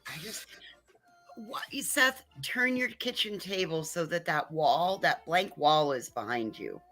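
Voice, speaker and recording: A woman chatting playfully on a livestream panel and handing out advice. Her voice sits fairly low but moves around with lots of lift and fall. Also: animated, slow pace, a bit bright. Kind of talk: casual chat.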